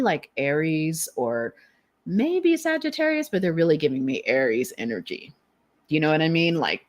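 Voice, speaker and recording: A woman giving a casual collective tarot reading, rambling, often laughing and trailing off while she searches for words. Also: low-pitched. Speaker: tarot reader. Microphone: streaming setup.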